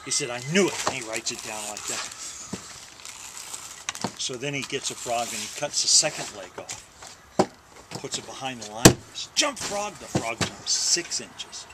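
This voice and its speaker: A father telling a long joke at home in an unhurried way, now and then slipping and correcting himself, filmed on a handheld camcorder. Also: mid-range voice, heavy background noise. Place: family home. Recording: home video, baby crying loudly.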